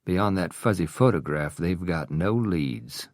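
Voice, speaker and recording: A man's voice: sits low, expressive, a little slow, a little mellow, no echo, clean studio sound. A man voicing a nervous, embarrassed middle-aged husband who speaks in a subdued way. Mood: uneasy.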